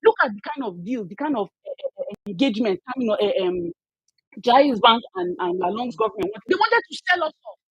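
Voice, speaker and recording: A woman's voice: mid-range voice, very animated, a little fast, husky, dry recording, highs cut off. A young Nigerian woman with a Nigerian accent speaking with emotion and anger in an online audio discussion, stumbling and restarting often. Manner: emotional, angry, with many restarts. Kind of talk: impassioned discussion.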